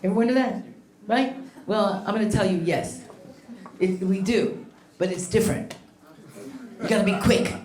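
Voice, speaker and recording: A woman in her sixties does a bawdy stand-up set on a comedy stage, chatty and brash as she teases the live audience. Her medium-pitched voice moves at a moderate pace with long pauses, in an echoey room full of loud laughter.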